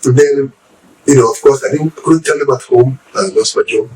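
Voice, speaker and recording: A middle-aged Nigerian man with a Nigerian accent, telling his life story as an interview guest, animated and acting out the voices of people he quotes. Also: mid-range voice, moderate pace, distant mic, rough recording. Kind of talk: casual storytelling.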